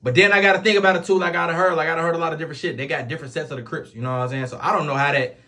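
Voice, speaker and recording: A man with a Chicago accent tells a story in loose, casual street talk. He speaks very quickly in a slightly high voice. He keeps swearing oaths between his sentences. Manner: rapid, animated street slang with repeated oaths. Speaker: storyteller vlogger.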